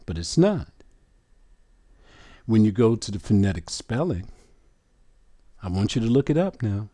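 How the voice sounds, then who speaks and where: A man's voice: fairly low pitch, sing-song, dark tone, no echo, studio quality. A man teaching a religious lesson on letters and sounds, emphatic and prone to quizzing his listeners. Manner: slow, emphatic, questioning the listener.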